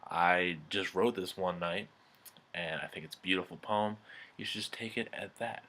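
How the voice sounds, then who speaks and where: A man's voice: low voice, fairly even intonation, normal speed, sharp tone, full character voice. Young man doing an offhand old poet. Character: easygoing old male poet shrugging off critics.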